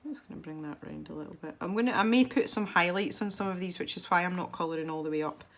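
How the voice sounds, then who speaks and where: A woman with a slightly low voice narrates a colouring tutorial while she works. She talks in an easy, chatty way, pokes fun at herself and laughs lightly now and then. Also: quick pace, creaky, a bit bright. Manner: chatty and self-deprecating, with small laughs.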